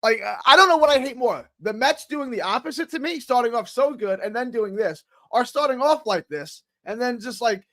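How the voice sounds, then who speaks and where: A man's voice: very high voice, animated, moderate pace, few pauses, a bit bright, no echo. A man calling in to a sports talk show, ranting in exasperation and stammering through many restarts.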